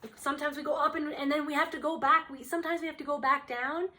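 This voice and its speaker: A woman's voice: high-pitched, fairly even intonation, fast, bright, forceful tone. A young woman giving a casual spiritual tarot reading, talking earnestly in a rambling way with many fillers. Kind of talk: casual channeled reading to camera.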